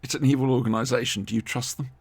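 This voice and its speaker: A man's voice: mid-range voice, rapid-fire, breathy edge, dry recording. A man, co-hosting a casual, jokey watch-along commentary. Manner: jokey, rambling, animated reactions. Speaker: podcast co-host.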